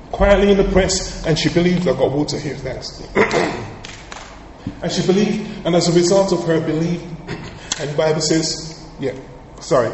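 A male pastor preaching a sermon with emphatic, sometimes loud outbursts. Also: on the high side, background noise. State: coughing, slightly hoarse. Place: large church hall. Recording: echoey hall, heard from far off.

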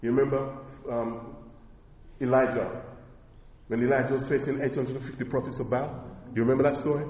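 A man's voice: mid-range voice, flat delivery, fairly quick, a little mellow, roomy sound, in a large hall. A man preaching a sermon as pastor, emphatic and repetitive, with many rhetorical questions to the congregation.

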